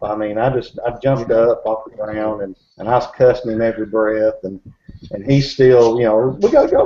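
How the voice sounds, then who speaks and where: A man telling a story in casual talk, rambling with many fillers and restarts. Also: mid-range voice. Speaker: bigfoot researcher. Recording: dull recording with faint hiss.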